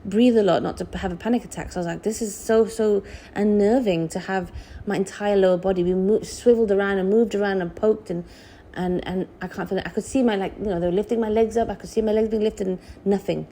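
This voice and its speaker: A woman recounts her own story in a loose, chatty way, speaking straight to her viewers. Her voice is warm, mellow and gravelly. When she acts out what she said back then, her pitch jumps up high. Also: fast. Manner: animated, reenacts her own past words with big pitch jumps. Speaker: vlogger sharing birth story. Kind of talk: casual storytelling to camera.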